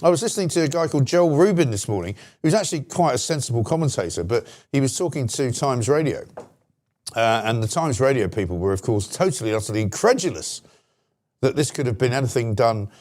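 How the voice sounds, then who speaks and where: A man's voice: mid-range voice, lively intonation, fast talker, a little mellow. A British man hosting a political talk show, ranting sarcastically about the media. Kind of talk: opinionated political commentary.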